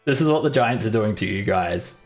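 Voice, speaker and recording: A man narrates as game master in a loose, chatty way, with plenty of "like" and "uh". His pitch rises and falls in lively swings. Faint music runs under his voice. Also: fairly quick. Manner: chatty, full of "like" and "uh".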